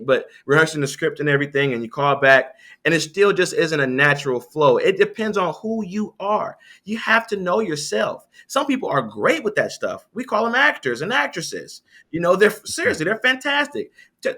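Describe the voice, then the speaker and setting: A man talking as an interview guest, telling sales stories in a lively, conversational way. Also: a little high. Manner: storytelling, animated, with quoted voices.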